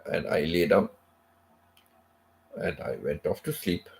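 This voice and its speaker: Deep gravelly-voiced man chatting casually. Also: slow. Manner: rambling, repeats phrases, many "you know" asides. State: unwell, recovering from sickness. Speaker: live stream host. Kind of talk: casual chat.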